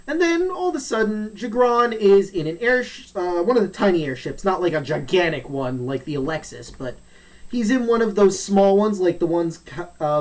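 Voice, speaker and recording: A man's voice: sits high, far from the mic, poor audio. A man hosting a let's play, casually recapping a game's story in a rambling, jokey way and acting out the characters' lines.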